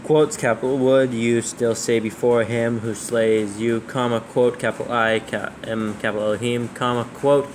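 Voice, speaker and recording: A man proofreading scripture aloud, reading slowly and calling out every comma, quote and capital letter. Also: medium pitch, fairly even intonation, a little hiss or hum. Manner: reads slowly, spelling out punctuation and capitals. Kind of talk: dictating text with punctuation.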